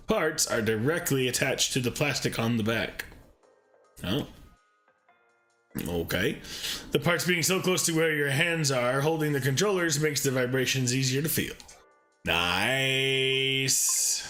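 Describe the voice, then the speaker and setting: A man's voice: mid-range voice, animated, a little slow, bright, forceful tone, faint music behind. A man hosting a live game playthrough who reads the on-screen text aloud and breaks in with joking asides to himself. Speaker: streamer, show host.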